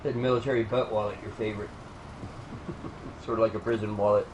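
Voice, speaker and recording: A man's voice: lowish voice, flat delivery, fairly quick, background noise. Easygoing American man, echoey room. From United States. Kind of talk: casual gaming chat.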